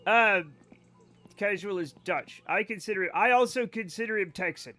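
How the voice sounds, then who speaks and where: Brief: male game streamer with a high voice, chatting to viewers, loose, profane and rambling. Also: normal speed, bright, forceful tone, faint music behind. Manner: rambling, profane, joking asides to chat. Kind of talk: casual live-stream chat with viewers.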